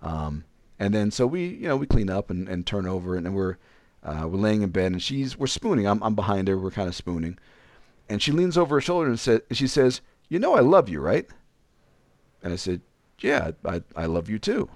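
A man's voice: lowish voice, a little fast, dry recording. A man casually telling a frank personal story, rambling and acting out the dialogue. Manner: frank, rambling, animated retelling with quoted dialogue.

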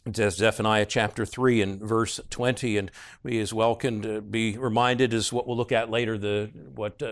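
A man with a lowish voice teaches through a book of the Bible, reading passages aloud and explaining them. He's earnest and conversational, using frequent "uh" fillers and suddenly stressing key words.

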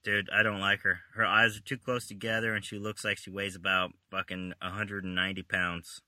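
A man's voice: low-pitched, flat delivery, a little fast, sharp tone, no room sound. A man chatting about a comic book with a friend, joking, swearing and trying out silly voices. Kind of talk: casual comic book chat.

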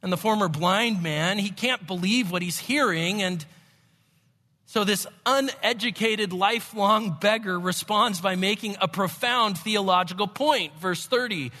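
A man preaching a sermon, expressive, moving between hushed and emphatic delivery. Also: high-pitched, a little slow. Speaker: pastor. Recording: long hall reverb.

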